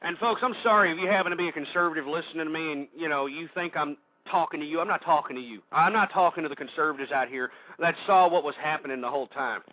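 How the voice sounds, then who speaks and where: A man hosting a radio show, ranting angrily and shouting insults at his listeners. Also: on the high side, fast talker, few pauses, narrow, tinny audio. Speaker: radio host. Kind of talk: angry political rant.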